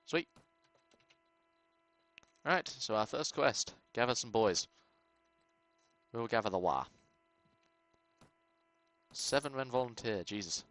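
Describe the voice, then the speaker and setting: A man giving casual commentary on his game, excitable, muttering to himself and swearing. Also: medium pitch, slow pace, long pauses, no echo, low-quality recording. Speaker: gaming channel host.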